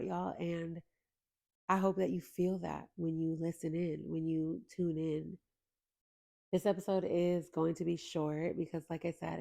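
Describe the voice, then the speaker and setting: Earnest woman podcast host, warm and gravelly. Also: deep voice. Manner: earnest, emotional, talks straight to listeners. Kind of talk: heartfelt faith podcast intro.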